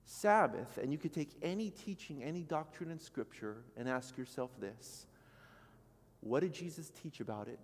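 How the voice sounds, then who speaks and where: A man in his thirties preaching a sermon as pastor, telling a story with acted-out quotes and swinging between loud and soft. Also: a little high, expressive, normal speed, big-room sound. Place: church sanctuary.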